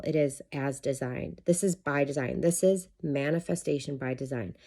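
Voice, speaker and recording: A woman's voice: deep voice, warm tone. A middle-aged woman, a life coach, talking to camera in a candid, chatty monologue and swearing freely.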